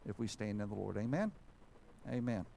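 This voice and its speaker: A man, preaching a sermon in a church sanctuary and telling a story in a folksy, animated way. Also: fairly low pitch, normal speed, gravelly, a little hiss or hum, poor audio. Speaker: pastor.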